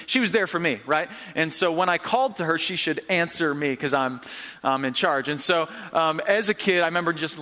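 A young man gives a sermon in a church hall with long reverb. His voice sits high and sounds bright and forceful. He tells his story in a lively, conversational way. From upstate New York. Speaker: pastor.

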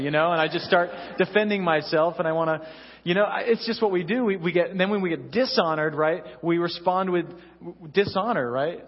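Young pastor preaching in an echoey hall. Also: male voice, on the high side, a little fast. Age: young adult. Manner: conversational storytelling, frequent "you know". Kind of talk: sermon. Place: church sanctuary. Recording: distant echoey hall, dull lo-fi sound.

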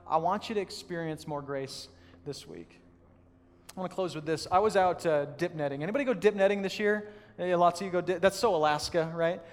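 A man preaching a sermon as pastor, telling a story in a casual, animated, self-deprecating way. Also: high voice, moderate pace, in a large hall. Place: church hall.

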